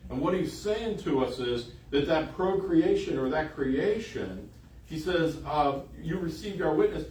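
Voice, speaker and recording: A man preaches with emphasis, driving home his points by repeating phrases. His voice sits slightly high and carries from a distance. The room around him rings with echo, and faint ambient noise sits beneath him. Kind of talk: sermon.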